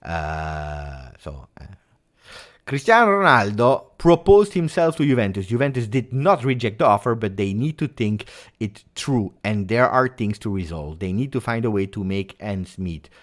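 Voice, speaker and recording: A man's voice: lowish voice, moderate pace. A man from Italy with an Italian accent, hosting a casual fan-channel livestream and reading out viewer comments. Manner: animated, reads viewer comments.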